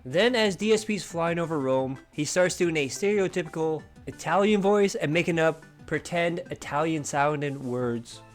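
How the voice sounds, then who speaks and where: A man's voice: a little high, expressive, normal speed, hardly any pauses, faint music behind. Dry, mocking male commentator. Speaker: commentary channel host. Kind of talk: sarcastic drama commentary.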